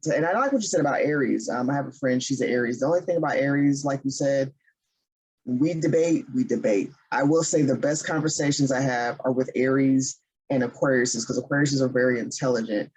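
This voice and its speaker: A woman co-hosting a podcast, chatting candidly about her relationships with a relaxed, laughing manner. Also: extremely low pitch, quick pace, slightly rough, poor audio. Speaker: podcast co-host. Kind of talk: casual chat.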